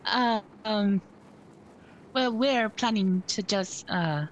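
A woman's voice: medium pitch, slow pace, a little hiss or hum. A woman talking hesitantly with fillers as a player in a tabletop game. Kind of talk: casual tabletop role-play.

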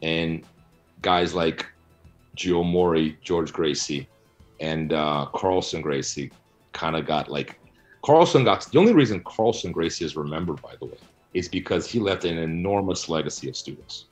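A middle-aged man answering interview questions about his research, blunt and animated as he argues his points. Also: low-pitched, normal speed, faint music behind. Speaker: guest, researcher and author.

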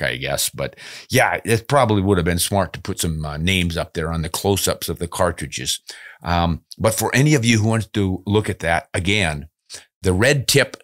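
Deep-voiced, easygoing male podcast host. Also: a bit bright. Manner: easygoing, folksy, chuckles and ad-libs while reading letters. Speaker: podcast host answering listener mail. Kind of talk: casual podcast chat.

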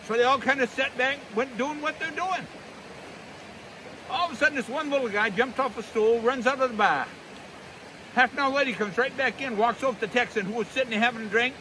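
A man's voice: very high-pitched, a little fast, bright, forceful tone, slight background noise. A middle-aged man with a Maine accent telling folksy comic stories in a drawling, down-home way, recorded outdoors in snowy woods. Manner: drawling, down-home, leans into voices for characters. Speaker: humorist storyteller.

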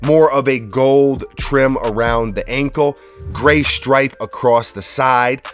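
A man's voice: medium pitch, slow pace, soft background music. A man hosting a casual sneaker review vlog from his workshop, talking in a laid-back, joking, rambling way. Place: workshop studio.

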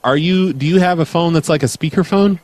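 A man's voice: fairly high pitch, a little fast, a little mellow, dry recording. Playful mock-earnest male host. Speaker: prank call show host. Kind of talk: live call-in show chat.

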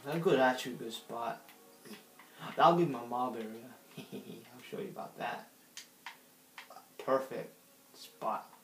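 Slow, rambling male gamer in a roomy echo. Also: medium pitch, soft background music. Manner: rambling, giggly, talks to himself while playing. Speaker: gaming channel host. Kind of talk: casual gameplay commentary.

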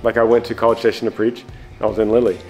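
A man's voice: fairly low pitch, level tone, fast talker, darkish tone, soft background music, poor audio. A man hosting a family vlog, chatting casually and a little out of breath, often restarting his sentences. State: slightly out of breath. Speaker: vlog host and preacher.

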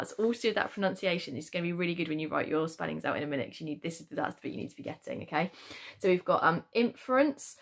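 A woman teaching a spelling lesson to children with a British accent, patiently explaining and checking in with "okay?", slowing down to stress syllables. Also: fairly low pitch, a bit bright. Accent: British English. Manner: stresses syllables slowly to demonstrate. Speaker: primary school teacher.

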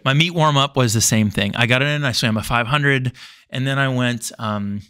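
A man's voice: medium pitch, moderate pace, clear, resonant tone. Chatty middle-aged man telling a story. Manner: rambling, animated retelling with many fillers. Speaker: podcast guest, former Olympic swimmer. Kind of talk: casual storytelling interview.

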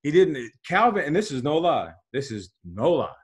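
A man in his forties and a former pro athlete, telling stories as a podcast guest in a slangy, animated way. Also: fairly high pitch, moderate pace, husky. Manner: lively, slangy, acts out quotes, laughs while telling stories. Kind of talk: animated storytelling in casual conversation.

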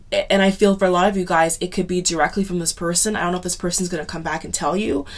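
A woman giving a casual tarot reading to camera, chatty and subdued, often checking in with "okay?" and "you know". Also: on the low side. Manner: chatty, repeats "okay?" and "you know" often, drags some words slowly; subdued, sighing tone. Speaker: tarot reader.

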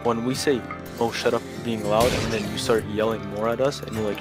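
A man's voice: fairly low pitch, little pitch movement, brisk. A young man and student in a heated argument, insistent and aggrieved, pressing his point again and again. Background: music playing.

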